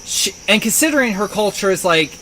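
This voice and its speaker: A man's voice: high-pitched, lively intonation, brisk, bright, forceful tone, a little hiss or hum, low-quality recording. A man talking casually as a player in a tabletop game, rambling into enthusiastic tangents.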